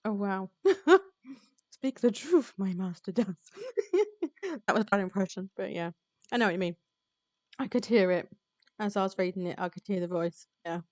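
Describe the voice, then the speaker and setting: A woman VTuber reading a visual novel aloud on stream, chatty and quick to laugh. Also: mid-range voice, dry recording. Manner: chatty, reads game text aloud, laughs often. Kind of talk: live-streamed visual novel read-along.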